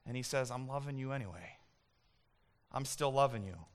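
A man's voice: medium pitch, lively intonation, normal speed, pauses often. A male pastor preaching a sermon in a church, speaking emphatically and building to impassioned peaks. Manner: emphatic, rising to impassioned peaks when voicing God.

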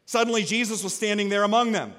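A man preaching a sermon as pastor, energetic, swinging from quiet storytelling to loud exhortation. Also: sits high, fast talker. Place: church sanctuary. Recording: long reverb of a church hall.

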